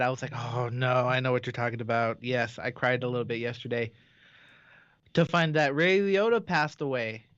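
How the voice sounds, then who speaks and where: A man's voice: mid-range voice, a bit bright, smooth, no room sound, muffled recording. A man co-hosting a radio show, chatting casually and often correcting himself mid-sentence. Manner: conversational, self-correcting. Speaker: radio co-host. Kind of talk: casual on-air chat.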